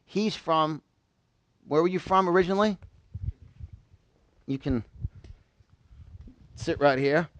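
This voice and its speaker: A man's voice: on the high side, slow, long pauses, no room sound, dull audio. A man from New York giving a live motivational seminar, quizzing a small audience in call-and-response. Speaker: motivational speaker.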